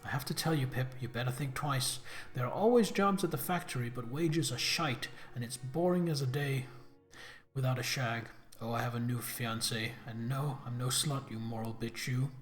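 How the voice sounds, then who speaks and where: A man's voice: medium pitch, normal speed, soft background music, pitched below the performer's own voice, lightly acted. Man putting on a blunt Brummie sister. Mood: chatty. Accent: attempted Birmingham. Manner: reading a letter aloud in a put-on voice. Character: chatty working-class young sister, blunt and crude.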